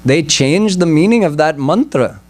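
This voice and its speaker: A man voicing God in a story, answering calmly and patiently in close to his own voice. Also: a little high, normal speed. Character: God, calm and corrective male deity.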